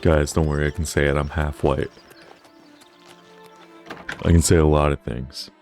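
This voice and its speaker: A man's voice: extremely low pitch, flat delivery, moderate pace, vocal fry, a little mellow, soft background music. A young man chatting casually over gameplay, rambling with lots of filler words. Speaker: gaming channel host.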